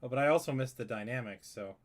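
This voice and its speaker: A man talks fast in a medium-pitched voice, explaining a music arrangement during a casual screen-share tutorial. Thinking aloud as he edits a score, he rambles and corrects himself.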